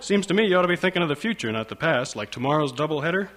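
A man voicing a loud, bossy retired father who lectures his son. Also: on the high side, animated, very fast, voice pushed up. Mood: bluff. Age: older. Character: loud, brusque retired baseball-fan father.

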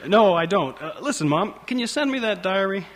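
A man voicing a withdrawn twenty-four-year-old ballplayer who talks hesitantly and flatly. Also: high voice, a little fast, background noise, pitched above the performer's own voice. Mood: subdued. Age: 20s. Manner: lifeless, hesitant. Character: subdued, withdrawn young ballplayer son.

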